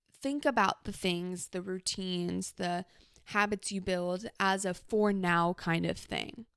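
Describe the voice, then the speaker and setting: Young woman doing a solo advice podcast, kinda creaky vocal fry, super casual and reassuring, lots of "like"s, dry close sound. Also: medium pitch, no echo. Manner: casual, reassuring, with many "like" fillers. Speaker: podcast host.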